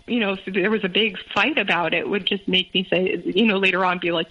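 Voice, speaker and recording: A woman in her thirties, a guest recounting her own past in a halting way, with many fillers and restarts. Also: mid-range voice, steady tone, pushed and bright, breathy edge. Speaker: interview guest. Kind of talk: candid personal storytelling. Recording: muffled phone-line audio.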